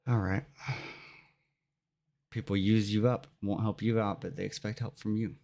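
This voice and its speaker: A man with a fairly low voice vents to his live stream audience. He sounds irritated and goes over the same points again and again, talking casually into a desk mic at home. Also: level tone, moderate pace, vocal fry, warm tone. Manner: irritated, venting, repeats himself.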